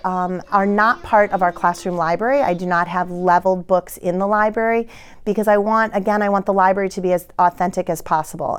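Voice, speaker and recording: Woman, kindergarten teacher, interview. Fairly low, smooth voice, thoughtful with little restarts. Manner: thoughtful, with frequent ums and restarts. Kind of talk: interview talk.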